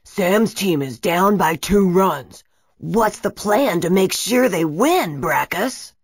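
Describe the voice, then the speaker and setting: A sly, smoky henchman, as a woman puts him on talks slowly and conspiratorially. He sounds slightly farther from the mic than the narration. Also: lowish voice, animated, breathy edge, no echo, heavily acted. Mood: scheming.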